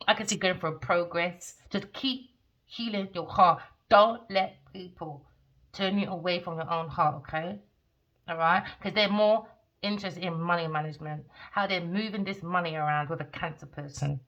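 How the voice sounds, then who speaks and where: A woman's voice: lowish voice, pushed and bright, highs cut off. A woman giving a blunt, profane tarot reading, talking straight at her listeners. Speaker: tarot reader.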